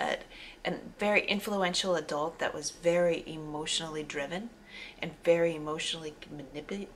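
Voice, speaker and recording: Gravelly low-voiced woman reading tarot. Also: a bit bright, slight background noise. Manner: meandering, with frequent fillers and self-corrections. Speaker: tarot reader. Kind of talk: casual spoken tarot reading.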